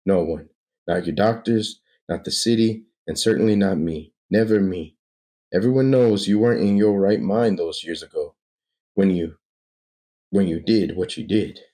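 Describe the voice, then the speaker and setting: A man's voice: fairly low pitch, dark tone, close to an everyday voice. A man voicing a devoted elderly male butler speaking tenderly and earnestly.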